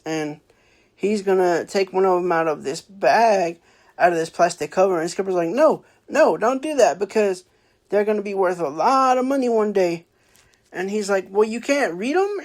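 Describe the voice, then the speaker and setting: A host of a book review channel retells a plot casually, rambling with many fillers and restarts. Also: medium pitch. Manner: acts out characters' lines in a raised voice.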